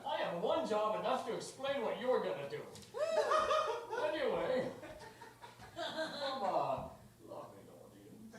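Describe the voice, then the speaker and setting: A playful improv host whose voice swings up and down in an animated way. The sound is distant and echoey, as from a theatre stage with noise behind. The delivery is mock-pompous. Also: medium pitch, measured pace, long pauses, crowd noise. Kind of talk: live comedy hosting.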